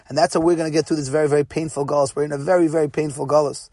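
A man's voice: a little high, little pitch movement, rapid-fire, few pauses, darkish tone, no room sound. A man giving a pre-Sabbath sermon as a rabbi, speaking earnestly and repeating phrases for emphasis.

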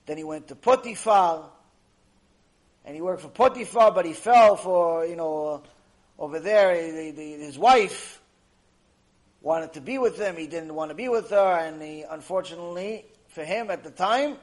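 Man, rabbi teaching a lesson, lively anecdotes, repeats words, fairly high voice. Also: poor audio. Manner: animated, repetitive, acts out the people in his stories. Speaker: rabbi lecturer. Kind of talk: Torah lecture storytelling.

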